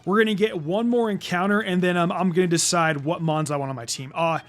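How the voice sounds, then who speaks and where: A man's voice: high voice, fairly even intonation, fairly quick. A man doing let's play commentary as a channel host, stammering and repeating words, and swearing when annoyed.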